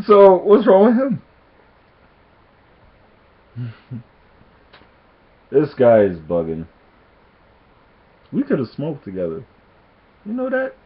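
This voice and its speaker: A man's voice: on the high side, takes it slowly, long pauses, slightly rough, muffled recording. A man telling a casual story to his camera, laughing often and acting out what people said. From Jamaican heritage. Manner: animated storytelling, laughs often, acts out quotes.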